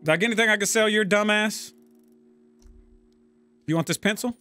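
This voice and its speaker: A man giving casual, profane gameplay commentary, prone to loud excited outbursts. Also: high-pitched, normal speed, no echo, faint music behind. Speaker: gaming YouTuber.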